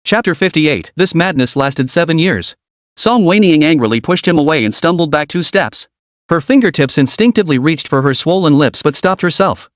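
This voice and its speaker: A man narrating a recap of a comic story in a steady, even reading. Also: on the high side, fairly quick, no echo, clean studio sound.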